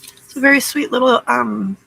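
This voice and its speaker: A woman hosts a cozy late-night crafting stream from her home craft room. Her voice is bright with a breathy, husky edge. She chats casually, welcomes viewers by name and pokes fun at herself. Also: on the high side, normal speed, low-quality recording. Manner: chatty, greets viewers by name, self-deprecating. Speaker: livestream craft host.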